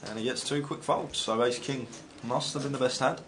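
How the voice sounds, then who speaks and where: A man giving relaxed, analytical play-by-play commentary on a live poker stream. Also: mid-range voice, normal speed, background noise.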